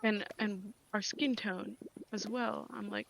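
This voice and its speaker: A young woman with a medium-pitched, creaky voice speaks slowly and steadily over a noisy background with music underneath. She's a gaming vlogger chatting casually as she plays, ranting in exasperation and often cutting herself off.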